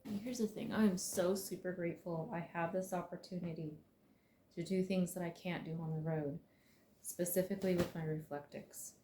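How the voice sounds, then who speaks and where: Chatting candidly to herself in her camper, a woman vlogs about her road trip and some cleaning. Her fairly low, warm voice stays steady at a normal speed, and a little hiss or hum can be heard.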